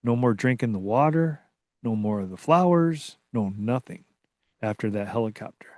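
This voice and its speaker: A man being interviewed as a researcher, telling a story in a casual, excitable way that rambles and restarts. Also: medium pitch, normal speed, no room sound, clean studio sound. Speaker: guest, Bigfoot researcher.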